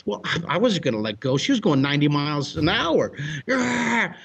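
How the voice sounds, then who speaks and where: His voice is on the high side, fast and slightly rough, as this middle-aged American drawing teacher tells an animated story. He gets excitable, shouting and bursting into laughs in the middle of it.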